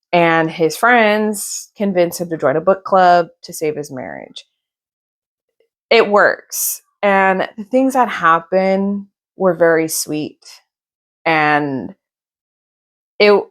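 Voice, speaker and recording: A woman book vlogger chatting casually through a reading wrap-up, gushing and rambling about what she read. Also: fairly low pitch.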